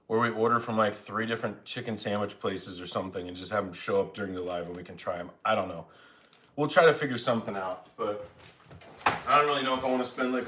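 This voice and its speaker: A little hiss or hum sits under his fairly low, slightly bright voice as he eats and rambles on a phone-recorded home stream. The chat is casual and full of self-mockery.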